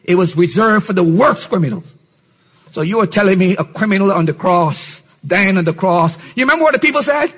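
A man's voice: high-pitched, expressive, fairly quick, a bit bright. A male pastor preaching a sermon with emphatic rhetorical questions and repeated refrains.

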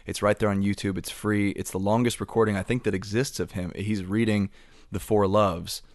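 Podcast host guy asking curious questions, lowish voice, very dry recording. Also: steady tone, moderate pace, no room sound. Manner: curious, asks questions, enthusiastic. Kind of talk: conversational interview.

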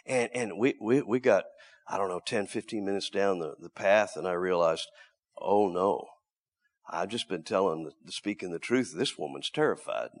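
A middle-aged man preaching a sermon, swinging between loud emphatic lines and hushed low asides, often repeating words as he restarts. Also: lively intonation, normal speed.

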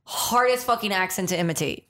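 Podcast co-host, woman, middle pitch, very lively storyteller. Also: a little fast. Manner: animated storyteller who acts out quotes. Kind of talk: casual chat.

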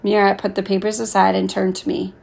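A woman reading a first-person audiobook in a calm, steady way. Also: mid-range voice, fairly quick, gravelly, slightly rough. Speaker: audiobook reader.

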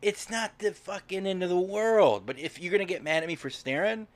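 A man's voice: high-pitched, a little fast, no room sound. A man co-hosting a podcast, chatting casually, swearing and saying "dude" often. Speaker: podcast co-host. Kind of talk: casual chat.

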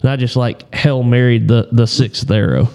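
A man on a podcast telling a hunting story in a relaxed, rambling way, often clearing his throat. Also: mid-range voice, moderate pace. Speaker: podcast co-host.

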